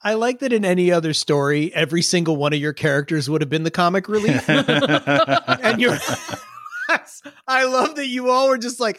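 A man narrating a tabletop role-playing game as game master, in a relaxed, rambling way. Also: sits high, normal speed. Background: background music.

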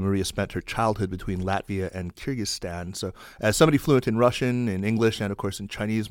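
A man's voice: low-pitched, no echo, clean studio sound. A man hosting a podcast, giving an upbeat, emphatic introduction and chatting with his guests. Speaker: podcast host.

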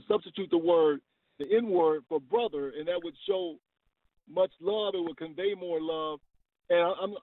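A man's voice: high voice, creaky, no room sound. A man in his fifties calling in to a talk radio show, earnest and often repeating words as he searches for how to put things. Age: 50s. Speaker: caller. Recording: tinny phone line.

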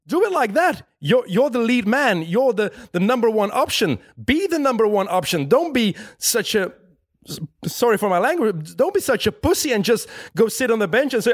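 A man hosting a casual chat over a remote call, giving blunt, animated opinions. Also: high voice, normal speed, dry recording, studio quality. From Belgium. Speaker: podcast host.

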